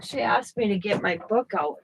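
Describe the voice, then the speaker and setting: At normal speed and medium pitch, with noticeable vocal fry, a middle-aged craft channel host chats informally on her live stream. She rambles with emotion and leaves sentences unfinished. The rough recording carries a slight hiss or hum.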